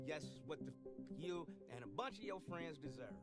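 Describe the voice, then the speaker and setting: A man hosting a live reaction stream, talking in a loud, profane, joking way, with quick asides. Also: fairly high pitch, loud music behind the voice. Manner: animated, profane, jokey asides. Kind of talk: casual reaction commentary.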